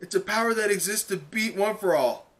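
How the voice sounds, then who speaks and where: A man's voice: sits high, a little fast, fairly bright tone, voice pushed up. A man voicing a determined teenage girl hero making an impassioned plea to a crowd. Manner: impassioned, raised speechmaking.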